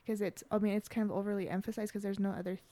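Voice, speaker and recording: A woman's voice: medium pitch, level tone, rapid-fire, warm tone. A young woman in a casual film discussion, chatty and full of fillers. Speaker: discussion participant.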